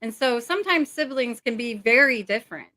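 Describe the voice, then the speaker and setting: A woman's voice: on the high side, lively intonation, fairly quick, bright, forceful tone, no room sound. A middle-aged woman talking as an interview guest over a video call, rambling and emotional with many fillers.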